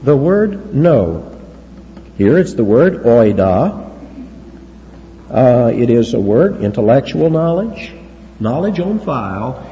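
A man preaching a sermon with lively emphasis and chuckling asides. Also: medium pitch. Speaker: pastor. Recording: echoey hall, dull lo-fi sound, faint hiss.

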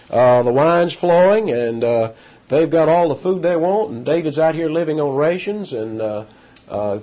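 Animated preacher man, dull lo-fi recording. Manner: animated, pitch jumping up on emphasis, halting restarts. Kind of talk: sermon. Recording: dull lo-fi sound.

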